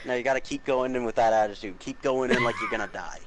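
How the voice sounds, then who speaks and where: A man's voice: medium pitch, fast, a crowd in the background, low-quality recording. A man giving dry, teasing advice to a friend playing a game on stream. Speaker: co-commentator friend. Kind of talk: casual gaming stream banter. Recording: loud noise behind voice.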